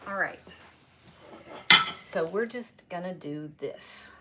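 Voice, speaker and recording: A woman's voice: lowish voice, slow pace, heavy background noise. Chatty woman cooking at home. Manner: chatty, folksy, talks while tasting food. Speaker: home cook hosting a live cooking stream. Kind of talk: casual cook-along live stream. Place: home kitchen.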